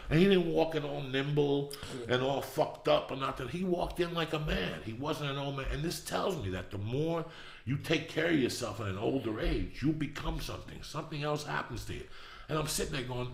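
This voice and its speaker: A middle-aged man hosting a podcast, telling a long story with constant swearing and rising excitement. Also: medium pitch, a little fast, gravelly, echoey room. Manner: profane, animated storytelling. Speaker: podcast host. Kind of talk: storytelling monologue.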